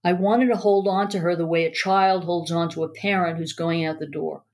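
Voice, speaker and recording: A woman's voice: lowish voice, steady tone, normal speed. A woman narrating a first-person memoir aloud in an earnest, emotional way.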